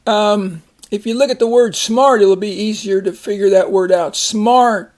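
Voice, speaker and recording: A man teaching a phonics lesson, slowly reading words, splitting syllables and giving example sentences. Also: sits high, darkish tone. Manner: slow, deliberate, repeats each word and splits syllables.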